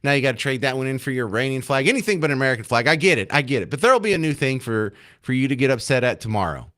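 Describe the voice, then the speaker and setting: A man's voice: mid-range voice, big pitch swings, rapid-fire, sharp tone. A man hosting a talk radio show from a studio mic, mocking and sarcastic.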